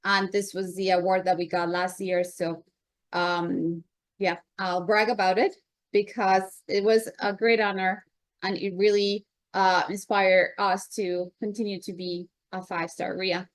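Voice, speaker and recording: A woman's voice: mid-range voice, little pitch movement, measured pace, no echo. A woman with a Colombian accent, hosting and presenting to a live audience in a welcoming way, with frequent ums. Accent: Colombian Spanish. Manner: warm, welcoming, with many ums. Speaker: event host, vice president of investor group.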